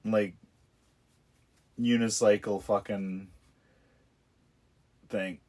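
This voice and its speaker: A man's voice: on the low side, steady tone, drawn-out words, darkish tone. A young man hosting a casual movie commentary, profane and mocking, laughing at what he watches. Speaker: podcast host.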